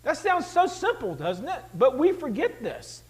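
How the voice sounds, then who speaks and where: Male pastor, very high voice, conversational animated sermon delivery. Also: measured pace, poor audio. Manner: animated, conversational, rhetorical questions to the congregation.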